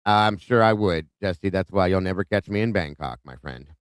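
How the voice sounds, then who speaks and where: A man's voice: sits low, animated, moderate pace, clean tone, no echo. A man hosting a live stream, casually greeting viewers by name and reading their comments aloud. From Ohio. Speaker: livestream host. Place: home in Ohio.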